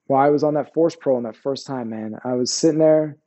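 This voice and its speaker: A man's voice: mid-range voice, quick pace, dark tone, highs cut off. A man in his forties, an Army veteran guest, telling his war stories in a rambling, profane way. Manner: profane, rambling, keeps asking "you know what I mean". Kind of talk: candid interview storytelling.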